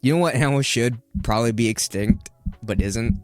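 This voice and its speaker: A man's voice: mid-range voice, brisk, a little mellow, no echo. A man co-hosting a podcast, telling stories in a brash, laughing, casual way. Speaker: podcast co-host. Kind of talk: casual chat.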